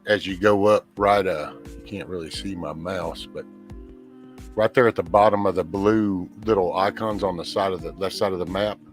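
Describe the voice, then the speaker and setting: Very deep-voiced man. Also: fairly even intonation, faint music behind. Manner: halting, explains step by step. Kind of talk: casual chat.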